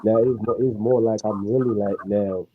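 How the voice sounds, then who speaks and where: A man in a casual reflective chat, speaking in a relaxed way and leaning heavily on "you know" fillers. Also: lowish voice, normal speed. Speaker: panel guest. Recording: muffled lo-fi with faint noise.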